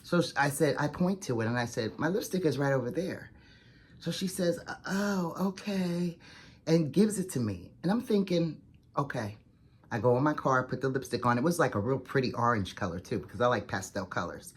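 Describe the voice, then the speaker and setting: Chatty, fast-talking woman vlogger. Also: a bass voice, breathy edge. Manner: chatty, fast-talking, animated retelling with many "like"s. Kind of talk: casual storytelling to camera.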